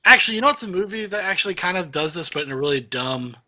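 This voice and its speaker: Young man, podcast co-host, filler-heavy rambling, sharp bright tone. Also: sits high, expressive, quick pace. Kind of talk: casual chat.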